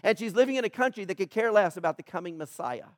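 A man preaching a sermon as pastor, emphatic and addressing the congregation directly, swinging between loud build-ups and hushed asides. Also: sits high, lively intonation, fast, no room sound, clean studio sound. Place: church, in front of a congregation.

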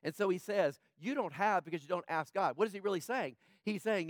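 A man preaching a sermon as pastor, impassioned, swinging between loud urgent passages and hushed ones. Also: high voice, a little fast, few pauses, no room sound, studio quality.

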